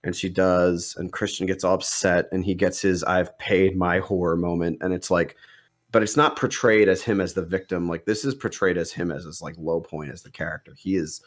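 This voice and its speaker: Young man, deep voice, casual podcast chat, rambling plot recap, filler-heavy. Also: fairly even intonation, fairly quick. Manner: rambling retelling with many likes and ums. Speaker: podcast co-host. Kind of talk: casual movie discussion.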